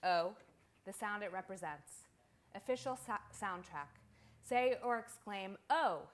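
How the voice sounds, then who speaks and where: A woman poet giving a live poetry reading in a small venue, reciting in a measured, incantatory, list-like way. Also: medium pitch, lively intonation, a bit bright.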